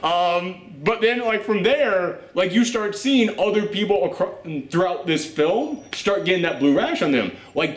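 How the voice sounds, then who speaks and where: A man hosting a casual movie reaction chat, animated and profane, laughing often. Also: sits high. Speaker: host of a movie reaction show. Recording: roomy echo.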